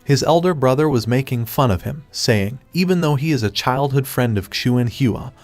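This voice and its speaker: A man narrating a scripted comic recap in a steady, even storytelling read. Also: medium pitch, no room sound.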